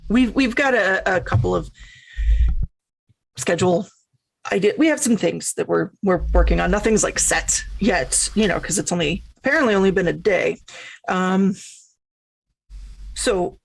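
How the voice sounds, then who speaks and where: A woman's voice: fairly low pitch, a little slow, creaky, pauses often. A woman playing in a tabletop role-play, hesitant with a dry, sarcastic edge. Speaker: player.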